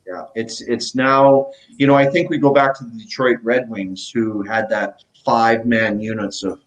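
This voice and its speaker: A man's voice: medium pitch, moderate pace, rough recording. Middle-aged man telling hockey stories. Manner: animated anecdotes, acts out quotes. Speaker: guest, former pro hockey player. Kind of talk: casual storytelling interview.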